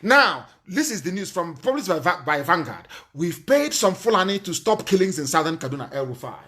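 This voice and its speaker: A man with a Nigerian accent giving an impassioned live broadcast speech, angry and accusing, with sudden loud outbursts. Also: sits high, sing-song, fairly quick.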